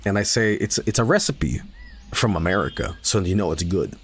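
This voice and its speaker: A man streaming a game, chatting casually and rambling through a story, swearing and laughing loudly. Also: sits low, moderate pace, breathy edge. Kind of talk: casual live-stream chat while gaming.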